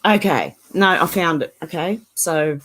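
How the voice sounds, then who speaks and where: This channel host speaks with a fairly low, husky, somewhat bright voice at an unhurried pace. Sitting indoors at home next to a filing cabinet, the Australian woman laughs a lot, welcomes viewers by name during her relaxed livestream chat, and has a smoker's cough.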